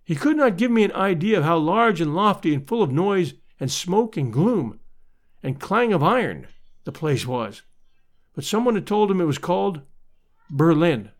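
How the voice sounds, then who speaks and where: Expressive male storybook narrator. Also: high-pitched, normal speed. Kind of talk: literary audiobook narration.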